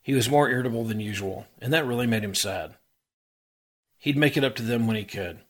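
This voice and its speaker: A man reading a hard-boiled crime story aloud in an even, dry manner. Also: medium pitch, brisk. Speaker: story reader.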